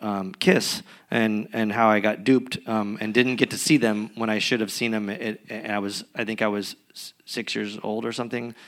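Rambling, low-voiced man musician. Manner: rambling, restarts often, animated storytelling. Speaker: musician guest. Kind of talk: live podcast interview. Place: recording studio with live audience.

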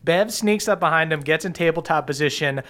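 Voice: medium pitch, a little fast, pushed and bright. A game master narrating a tabletop game, casual, laughing often and swearing freely.

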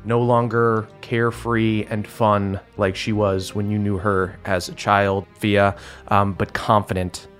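A man narrating as game master of a tabletop role-playing game, relaxed and descriptive with frequent fillers. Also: on the low side, unhurried. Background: soft background music.

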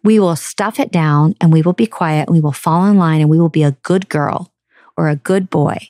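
A woman's voice: low-pitched, normal speed, warm tone, dry recording, studio quality. A woman hosting a self-help podcast, talking earnestly and conversationally to her listeners. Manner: earnest, conversational, acts out quoted parents. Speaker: podcast host.

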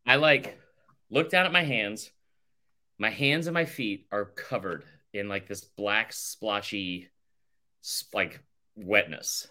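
A man's voice: fairly low pitch, slow, pushed and bright. A male podcast co-host telling a rambling, sarcastic story in casual chat, saying "like" constantly. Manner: rambling, sarcastic, heavy use of "like".

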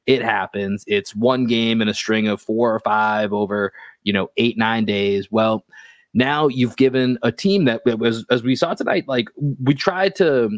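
Measured male sports podcast host. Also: mid-range voice, no room sound. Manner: measured, reels off stats and results. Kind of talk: casual sports chat.

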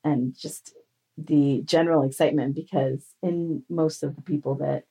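A woman's voice: low voice, fairly even intonation, normal speed, warm tone, slightly rough. A woman co-hosting a casual podcast, talking in an enthusiastic, rambling way. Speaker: podcast co-host.

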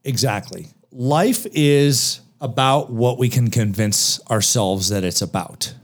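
A man's voice: medium pitch, slow. A man speaking on a podcast about a book of motivational advice, emphatic and full of rhetorical questions. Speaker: podcast guest author.

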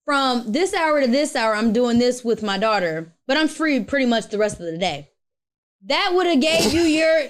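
A young adult woman co-hosting a podcast, animated and laughing, swinging between loud outbursts and low asides. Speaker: podcast co-host. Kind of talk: casual chat.

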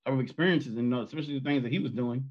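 A man's voice: mid-range voice, very fast. A man guest on a podcast, telling a family story in a loose, rambling way full of fillers. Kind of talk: casual storytelling. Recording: muffled, husky-sounding audio.

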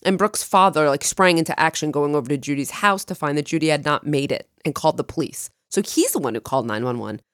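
A woman co-hosting a true crime podcast, chatting and narrating a case with lively jumps in pitch when excited. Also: quick pace, few pauses, no echo, studio quality. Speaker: podcast co-host.

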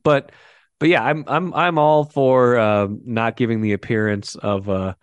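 A man's voice: medium pitch, steady tone, measured pace, clear, resonant tone, no echo. A man hosting a casual sports podcast, chatty and teasing, often restarting his sentences. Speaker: podcast host.

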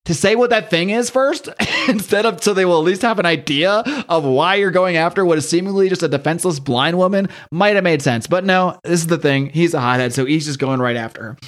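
A man hosts a casual comic book podcast, talking quickly as he recaps the story. He rambles, laughs along the way, and tosses in rough voices for the characters. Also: fairly high pitch. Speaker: podcast host.

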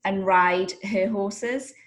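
A woman's voice: mid-range voice, fairly even intonation, very slow. Blunt, jokey woman. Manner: blunt, jokey, sweary storytelling. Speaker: podcast co-host and rider. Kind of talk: casual chat.

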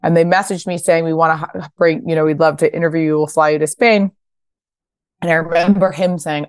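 A woman in her thirties with a notably low voice tells stories on a podcast. She talks casually, drops the odd swear, and lifts into high voices to act out quotes. The sound is close and dry. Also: fairly even intonation, fairly quick, a little mellow, clear, resonant tone, no room sound. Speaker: guest, fashion brand founder. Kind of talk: casual interview storytelling.

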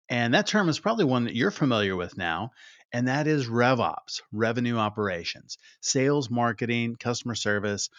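A man hosting a podcast, telling a story in an energetic, conversational way. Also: medium pitch, dry recording, dull audio. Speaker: podcast host. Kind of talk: podcast monologue.

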